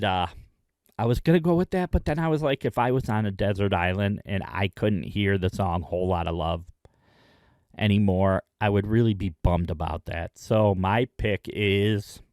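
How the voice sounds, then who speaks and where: A man hosting his own video, chatting enthusiastically in a casual rundown with frequent pauses. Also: lowish voice, darkish tone, dry recording, clean studio sound. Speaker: music video host.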